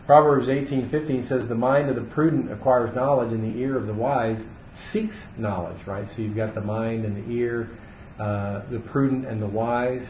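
A man's voice: mid-range voice, steady tone, normal speed, a little hiss or hum. A man leading a casual Bible study for a small group, thinking aloud with frequent fillers and restarts. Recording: echoey room, muffled audio.

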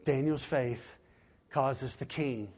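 A man preaching a sermon, dropping to slow, quiet emphasis and climbing to loud, raised scripture reading, with quick acted asides. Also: mid-range voice. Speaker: pastor.

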